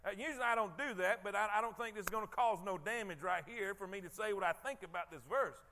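High-pitched preacher with a drawl. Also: male voice, fast talker, sharp tone, a little hiss or hum. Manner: conversational preaching, repeats words, addresses congregation. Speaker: pastor. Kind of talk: sermon.

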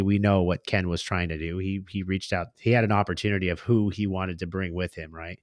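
A man with a very low voice tells his stories as a podcast guest. His talk is slangy and candid, and he acts out the people he quotes. The recording is dry, close and clean, with no room sound. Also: fairly even intonation, brisk, few pauses, dry recording. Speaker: podcast guest, business owner. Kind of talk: casual storytelling in conversation.

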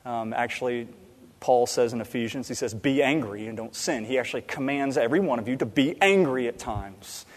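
A man delivers a sermon with an animated, slightly high voice. He swings from loud emphasis to hushed, quiet asides. His voice carries with a long reverb through a church sanctuary. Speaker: pastor. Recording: long reverb in a large hall.

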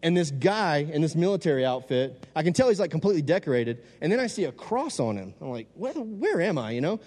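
A Louisiana, USA, man with a fairly high-pitched voice speaks fast, telling a funny story to an audience from the stage. He's animated and joking, acting out the quoted voices, and the recording has long hall reverb.

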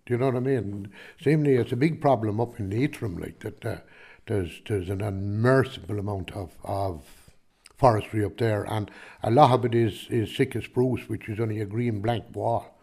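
Rambling Irish farmer from Kilkenny. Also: male voice, lowish voice, normal speed, gravelly, dark tone, slightly rough. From Ireland. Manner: rambling, with many restarts and "do you know what I mean". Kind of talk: casual interview answers.

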